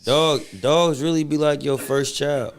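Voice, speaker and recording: A young man, a rapper guest, talking in a relaxed, slangy way during a casual podcast interview. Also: a little high, measured pace, clean tone. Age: young adult. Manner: laid-back slangy talk. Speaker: hip-hop artist guest.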